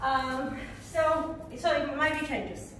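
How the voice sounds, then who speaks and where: Female dance teacher, unhurried, high voice, counts steps aloud; distant camera mic in an echoey room with faint noise. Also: fairly bright tone. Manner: counts beats aloud and sings rhythm syllables. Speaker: belly dance instructor.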